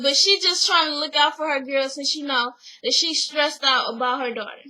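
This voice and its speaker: A young woman casually recapping a reality show, animated and slangy, acting out what the people said. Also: high voice, moderate pace, poor audio. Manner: animated, slangy, acts out quotes.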